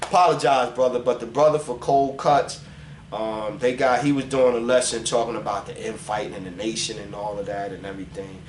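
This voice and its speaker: Fiery man preaching in an echoey room. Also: mid-range voice. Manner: animated, profane street preaching, reads scripture slowly. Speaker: vlogger preaching scripture. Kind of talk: casual religious vlog monologue. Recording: roomy echo with faint ambient noise.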